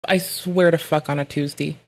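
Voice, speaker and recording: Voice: medium pitch, fairly even intonation, normal speed. A live streamer in casual chat, rambling and swearing freely, punchy from lack of sleep, with mock-angry rants. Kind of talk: casual livestream chatter.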